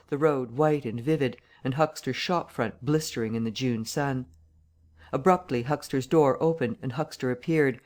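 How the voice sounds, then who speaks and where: An audiobook narrator with a mid-range voice tells the story of a classic novel steadily and evenly.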